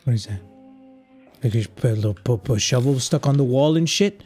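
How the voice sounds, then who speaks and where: A man's voice: medium pitch, animated, fairly quick, a little mellow, soft background music. A man giving rambling, nervous commentary while playing a horror game, breaking into nervous laughs. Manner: jittery, rambling nervous chatter. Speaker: gamer.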